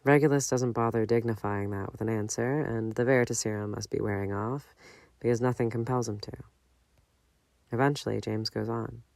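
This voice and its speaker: A man reading a fan-fiction audiobook aloud in a measured, unhurried way. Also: on the low side, fairly even intonation, vocal fry, a little mellow, dry recording. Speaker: audiobook narrator.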